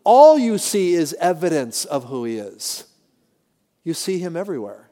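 High-voiced preaching man, reverberant hall. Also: big pitch swings, moderate pace, dark tone. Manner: emphatic, addresses the congregation directly. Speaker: pastor. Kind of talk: sermon.

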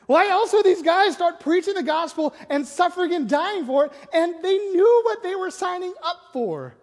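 A man's voice: very high-pitched, expressive, normal speed. A man, a youth pastor, telling a story in a casual sermon and often tagging lines with "right?". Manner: conversational, keeps asking "right?". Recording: long echoing hall reverb.

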